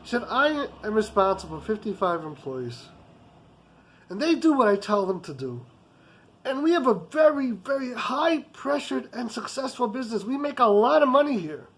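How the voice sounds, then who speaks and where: A man's voice: very high voice, big pitch swings, normal speed, a bit bright, exaggerated voice, low-quality recording. A man voicing a rich, hot-tempered business boss who talks in an intense, emphatic way.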